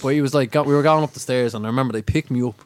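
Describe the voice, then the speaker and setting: A man with a Dublin accent co-hosting a podcast in a recording studio, loud and projecting, laughing often while telling stories. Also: medium pitch, racing, no echo. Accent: Dublin Irish. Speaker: podcast co-host. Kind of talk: casual chat.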